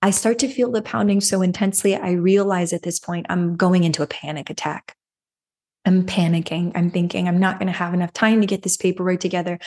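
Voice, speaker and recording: A woman's voice: fairly low pitch, a little mellow. A woman hosting a podcast, telling a personal story and giving self-help advice in an earnest way, often adding a questioning "right?". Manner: earnest, repeats phrases, frequent rhetorical "right?". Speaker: podcast host.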